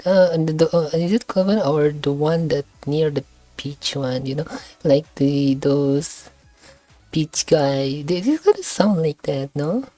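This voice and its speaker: A woman's voice: low voice, lively intonation, measured pace, mellow, soft background music. A young woman streamer chatting hesitantly through a reaction video, thinking aloud and giggling. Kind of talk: casual reaction chat.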